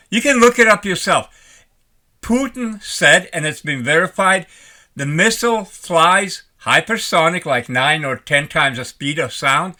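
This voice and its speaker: A retired older man rambling in a folksy, animated way as he talks to his vlog audience. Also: a little high. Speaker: vlogger. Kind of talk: casual vlog talk.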